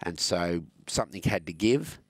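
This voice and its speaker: A middle-aged Australian man talks in a very deep, low register, recorded close and dry with no room sound. His throat is scratchy and he keeps coughing, and he rambles in a self-mocking way, peppered with ums. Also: expressive, normal speed, dry recording. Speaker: former motorsport executive, guest. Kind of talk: casual podcast interview.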